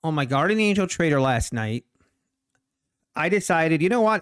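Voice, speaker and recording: A man's voice: high-pitched, expressive, normal speed, a bit bright, smooth. A man hosting a live trading stream, rambling casually to the market and his chat viewers. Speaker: trading livestream host.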